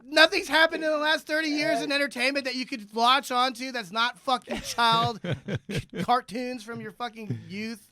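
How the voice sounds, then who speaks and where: A man's voice: very high-pitched, moderate pace, bright, forceful tone. A man co-hosting a comedy podcast, ranting in a profane, agitated way. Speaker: podcast co-host. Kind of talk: comedic rant. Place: club basement studio.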